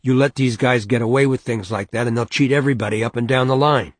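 A man voicing a rough, contemptuous man who speaks in a low, clipped and dismissive way. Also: steady tone, quick pace, no echo, lightly acted. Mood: curt, cold.

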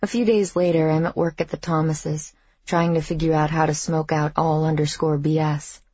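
A woman reading a first-person audiobook in a measured, reflective way, with a husky voice. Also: low voice, little pitch movement, darkish tone, no echo, lo-fi sound. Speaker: audiobook narrator.

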